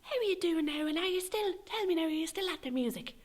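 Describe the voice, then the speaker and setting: A woman's voice: very high-pitched, lively intonation, quick pace, voice pushed up. A woman voicing a nosy older neighbour woman, prying and falsely sweet.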